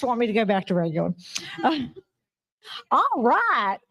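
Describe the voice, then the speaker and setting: A woman reads out award winners at a live ceremony in a slightly high voice. She is chatty and giggly, and she apologizes whenever she stumbles over a name. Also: huge pitch swings, a little slow, a bit bright. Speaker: awards presenter.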